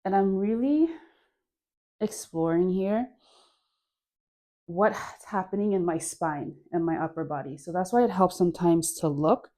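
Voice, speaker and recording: A young woman leads a home dance workout, talking the viewer through moves in a chatty, encouraging way and sighing with effort between cues. Her mellow voice is on the low side, at a measured pace with long pauses.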